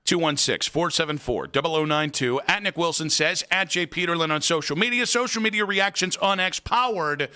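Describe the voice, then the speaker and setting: High, bright-voiced sarcastic radio host. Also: male voice, brisk, few pauses, clean tone. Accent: American. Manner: sarcastic and ranting, reads phone numbers and plugs. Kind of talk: sports talk radio. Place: radio studio.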